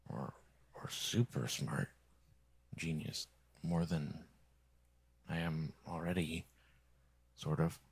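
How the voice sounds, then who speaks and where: Bitter, gravelly low-voiced man. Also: no echo. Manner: bitter, complaining, often drops to a whisper. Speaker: streamer. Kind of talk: rambling monologue to viewers.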